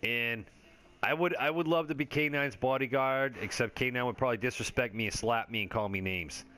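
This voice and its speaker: A man's voice: mid-range voice, a little fast, pushed and bright. Rambling, laid-back man narrating gameplay. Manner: rambling, joking, swears freely; laid-back stoner chatter with frequent fillers. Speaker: gaming video creator. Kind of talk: casual gameplay commentary.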